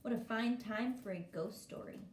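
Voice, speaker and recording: A woman's voice: fairly high pitch, normal speed, far from the mic, close to an everyday voice. A woman reading as Frog, a patient cheerful frog. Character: cheerful patient male frog, a storybook friend. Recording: echoey room with faint hiss.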